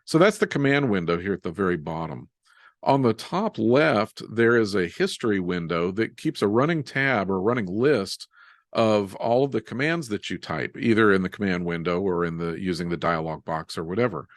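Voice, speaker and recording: A man teaching a live software webinar, explaining each step as he types and joking about his own typos. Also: on the low side, normal speed, dry recording, clean studio sound. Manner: relaxed, self-deprecating, walks through steps while typing. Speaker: software instructor.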